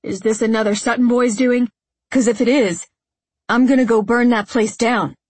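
A fiercely protective middle-aged rancher father, as a woman narrator puts him on, blunt and ready to threaten anyone who hurts his girl. The voice comes through husky and breathy. Dry, close audiobook sound with no room. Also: a little high, fairly even intonation, normal speed, a little mellow, no room sound. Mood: angry. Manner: blunt, threatening when angry, tender with his daughter. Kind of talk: audiobook character voice.

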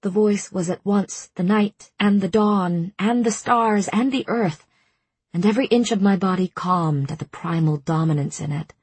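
A woman narrating a first-person audiobook in a measured, intimate way. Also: medium pitch, a little mellow, breathy edge, dry recording.

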